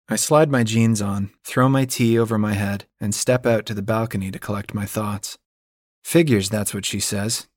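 A man's voice: lowish voice, fairly even intonation, normal speed, darkish tone, dry recording, clean studio sound. A man reading a first-person audiobook in a wry, self-mocking storytelling manner. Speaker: audiobook narrator.

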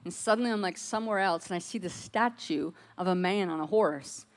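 A woman's voice: on the low side, a little fast. An American woman preaches a personal testimony to her congregation. She tells it like a casual story, loose and conversational, with plenty of "like" along the way. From United States.

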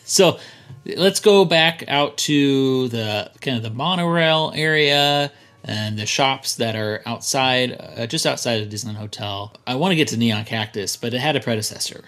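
A man co-hosting a podcast in casual chat, relaxed and rambling. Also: mid-range voice, normal speed. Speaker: podcast co-host.

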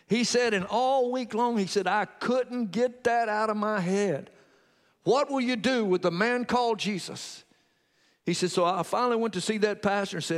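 Male preacher, high tenor, telling a testimony then exhorting; long hall reverb. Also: a bit bright. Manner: storytelling, quoting a convert's testimony. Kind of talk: sermon.

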